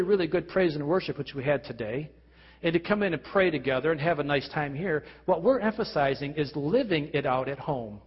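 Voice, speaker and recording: A man's voice: a little high, breathy edge. A man preaching a sermon as pastor, earnest, with rhetorical questions and frequent restarts. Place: church hall. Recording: lo-fi recording with long hall reverb.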